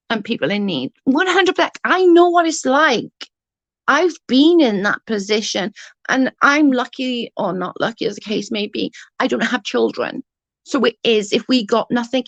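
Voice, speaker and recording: Woman, fairly high voice, dry close mic; heated livestream rant, swears freely, addresses chat directly. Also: vocal fry, dry recording, lo-fi sound. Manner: indignant, swearing, talks straight to chat.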